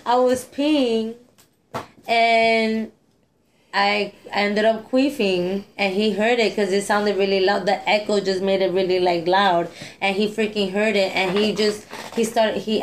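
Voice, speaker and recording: A woman's voice: mid-range voice, slight background noise. A woman co-hosting a podcast, telling an embarrassing story in casual chat, laughing often and swearing freely. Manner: laughs often, tells stories with crude humor. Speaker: podcast co-host.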